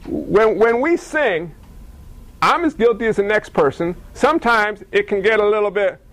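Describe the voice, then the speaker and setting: A male pastor delivers his sermon with a strikingly high voice. He preaches in an animated way and acts out the people in his stories. The sound is dry and close. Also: normal speed, dry recording, rough recording.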